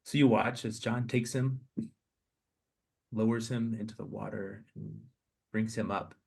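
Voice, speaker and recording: A man with a fairly low voice guides listeners through an imaginative meditation. He speaks softly and slowly, pausing and restarting his sentences with a gentle, hesitant touch. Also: fairly even intonation, vocal fry, husky. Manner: slow, soft, hesitant restarts. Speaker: podcast host.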